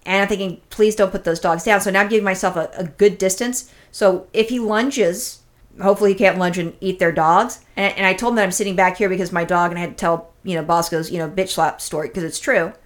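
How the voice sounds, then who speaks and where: A woman's voice: medium pitch, a little fast. A woman co-hosting a podcast, telling a long, rambling story in casual chat, swearing freely and acting out what people said. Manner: rambling, profane, animated storytelling with acted-out quotes. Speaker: podcast co-host.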